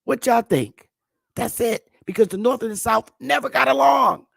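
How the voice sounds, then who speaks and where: A woman from Connecticut hosting a casual conversation, talking in a slow, emphatic, outspoken way. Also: on the high side, vocal fry, no room sound. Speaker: host.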